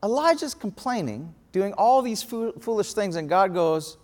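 A man preaching a sermon, telling a story with lively acted-out quotes. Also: very high-pitched, normal speed, hardly any pauses. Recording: reverberant hall.

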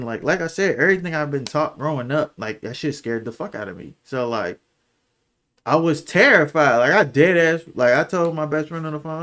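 A young man, telling a personal story on a podcast in candid slang, his voice sinking low and soft at the painful parts. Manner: candid, slangy, lots of "like" and "bro"; emotional, voice drops low and soft when recalling. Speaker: podcast co-host. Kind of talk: casual storytelling.

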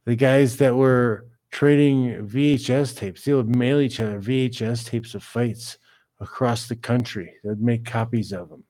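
A man's voice: mid-range voice, steady tone, a little slow, dark tone. A man hosting a livestream, ranting bluntly and casually between reading chat messages. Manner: blunt, ranting, swears freely.

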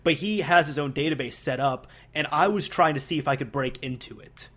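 A young man in casual chat, an animated storyteller who laughs often and uses many fillers. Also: fairly high pitch, a little fast.

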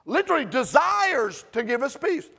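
Middle-aged man, pastor in the pulpit; high, gravelly voice, impassioned with hushed asides. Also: sing-song, moderate pace. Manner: impassioned preaching, dropping to hushed pleading. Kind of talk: sermon. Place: church sanctuary.

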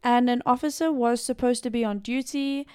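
A woman's voice: a little high, steady tone, normal speed, a little mellow, smooth, no room sound, studio quality. A young South African woman narrating a true-crime case in a casual, chatty podcast style with lots of asides. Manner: chatty, filler-heavy storytelling with asides.

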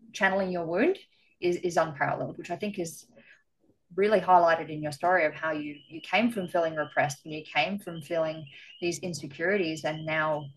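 A woman's voice: low voice, slight background noise, rough recording. A woman hosting a podcast interview, speaking in an effusive, spiritual way. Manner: warm, effusive, spiritual phrasing. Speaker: podcast host. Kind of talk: interview conversation.

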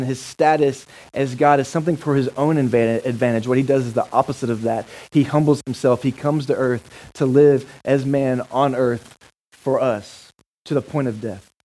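A man's voice: mid-range voice, moderate pace, warm tone, rough recording. A male pastor giving a sermon in a casual, enthusiastic, joking manner.

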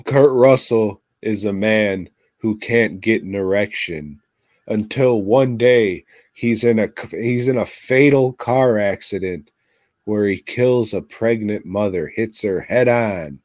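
A man's voice: lowish voice, slow, dry recording. Profane, sarcastic man co-hosting a podcast. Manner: profane, sarcastic, animated outbursts. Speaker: podcast co-host. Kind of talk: crude casual film chat.

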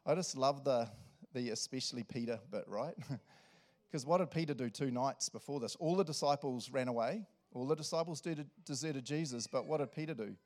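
Lively New pastor. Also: male voice, medium pitch, a little fast. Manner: animated, laughs often, acts out quotes. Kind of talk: sermon.

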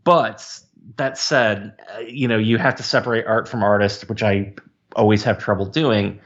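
A man's voice: on the low side, steady tone, moderate pace, a bit bright. Hesitant man on lo-fi audio. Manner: hesitant, stammering, searching for words. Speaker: podcast co-host. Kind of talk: casual film discussion.

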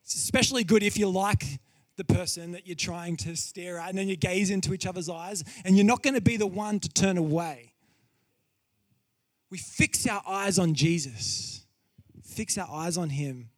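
Man preaching, high-pitched and expressive, shifts between playful stories and hushed emphasis. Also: moderate pace, dry recording, studio quality. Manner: animated storytelling, acts out quotes with laughs; drops low and quiet for solemn points. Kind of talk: sermon.

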